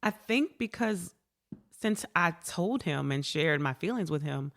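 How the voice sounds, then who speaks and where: A woman in a casual interview chat, warm, laughing often and repeating words as she talks. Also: fairly low pitch, lively intonation, unhurried. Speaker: guest.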